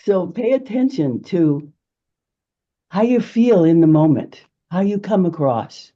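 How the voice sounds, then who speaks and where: A woman giving a lively, emphatic networking pitch as a presentation skills coach, laughing often. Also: measured pace, muffled recording.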